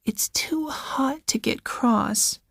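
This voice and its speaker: Man doing a young society woman, high airy voice, breathy, drawn-out slow lines, dry sound. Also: animated, no echo, full character voice. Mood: pleading. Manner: breathy, sighing, half-whispered. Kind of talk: audiobook character voice.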